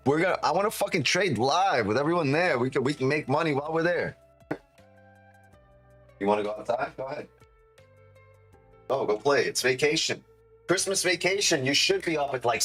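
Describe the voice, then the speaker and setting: A man's voice: medium pitch, fairly bright tone. A man, a trading streamer, chatting casually on a live stream, swearing a lot, joking and laughing often.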